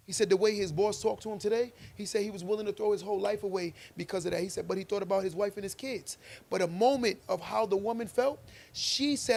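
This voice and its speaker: Podcast co-host, male, high gravelly voice, emphatic preachy delivery. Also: fast, a little mellow. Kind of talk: casual debate chat.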